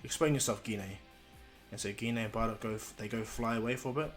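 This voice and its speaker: A man's voice: lowish voice, fairly even intonation, a little fast, a bit bright, soft background music. Man rambling through a fan story. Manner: rambling, with many restarts, and quotes each character in the flow. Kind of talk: casual improvised fan story narration.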